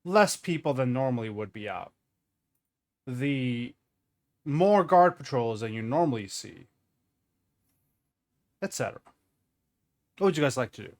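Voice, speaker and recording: A man's voice: mid-range voice, animated, a little slow, long pauses. A man narrating a tabletop role-play game as game master, rambling with asides.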